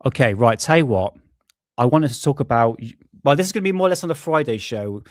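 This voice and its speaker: A man's voice: mid-range voice, lively intonation, fast, no echo, studio quality. A middle-aged British man hosting a casual live stream from home, chatty, swearing often and laughing at himself. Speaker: livestream host. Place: home room.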